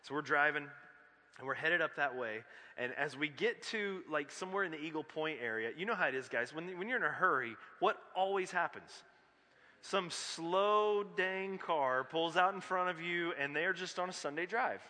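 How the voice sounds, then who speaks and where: A male pastor preaching a sermon in a church, reading scripture and telling a story in a conversational, animated way with joking asides. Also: a little high, moderate pace. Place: church sanctuary. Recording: long reverb of a large church hall.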